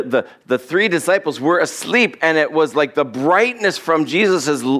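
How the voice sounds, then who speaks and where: A man's voice: on the high side, fairly bright tone. A male pastor giving a conversational sermon, acting out the lines he quotes and chuckling as he goes.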